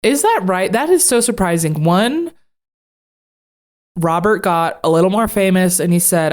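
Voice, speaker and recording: A woman co-hosting a podcast in casual chat, jokey and quick to laugh. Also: on the low side, lively intonation, a little mellow. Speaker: podcast co-host.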